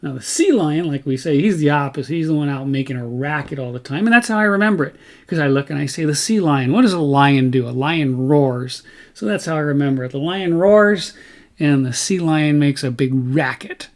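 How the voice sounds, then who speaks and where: A man's voice: on the high side, fast, few pauses, darkish tone. A man hosting a casual nature vlog outdoors, chatty and folksy, often stopping to correct himself mid-sentence. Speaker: vlog host.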